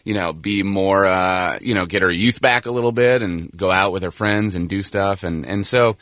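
A man from the Boston area, an actor guest chatting casually on a radio show, self-deprecating and quick to laugh. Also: sits low, fairly bright tone, no room sound. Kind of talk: casual radio interview chat.

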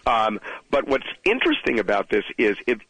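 A man's voice: medium pitch, very animated, moderate pace, fairly bright tone, slightly rough, no room sound, poor audio. A man calling in to a radio show, explaining an entertainment story in a matter-of-fact way with many fillers. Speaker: entertainment news guest. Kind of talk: casual phone-in chat.

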